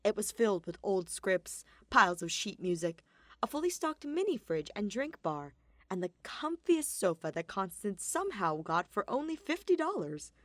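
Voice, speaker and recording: Woman podfic reader, lively intonation, mid pitch, dry close recording. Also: moderate pace, dry recording. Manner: expressive storytelling. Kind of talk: scripted narration.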